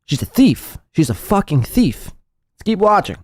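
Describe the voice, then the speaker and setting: Guy ranting on his podcast, swearing nonstop, mocking everyone, bit higher voice, bouncy pitch. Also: big pitch swings, normal speed. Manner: crude, mocking, swears constantly. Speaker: podcast host. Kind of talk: profane commentary over clips.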